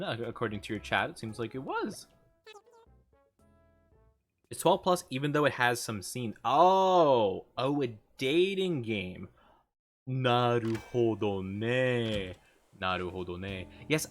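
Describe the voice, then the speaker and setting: A young man streaming a game and chatting casually with viewers, upbeat and chatty. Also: mid-range voice. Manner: upbeat, chatty, greets viewers, often laughs. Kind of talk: casual live-stream chat.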